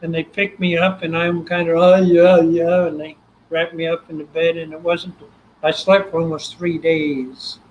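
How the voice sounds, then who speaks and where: An older man from Texas with a Texan accent, a guest telling his story in an animated way and acting out the voices. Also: on the high side, normal speed, a little hiss or hum, poor audio. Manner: animated, acts out quoted voices. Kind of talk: storytelling interview.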